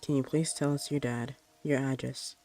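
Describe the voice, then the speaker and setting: A calm emergency dispatcher in a storybook horror tale, read by a man. The voice is reassuring and mellow. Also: mid-range voice, moderate pace, natural voice.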